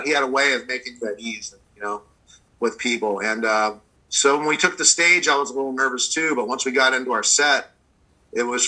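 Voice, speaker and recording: A man, a blues guitarist from the United States, telling long rambling stories with many fillers in a relaxed video-call interview. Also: medium pitch, rough recording. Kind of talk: casual interview storytelling.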